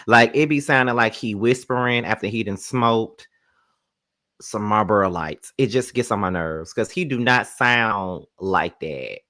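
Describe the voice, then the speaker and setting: A man hosts a reaction commentary stream in an animated, profane rant. His voice is bright and forceful. It sounds dry and close, with no room echo. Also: fairly low pitch, measured pace. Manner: blunt, profane, animated ranting. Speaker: commentary channel host.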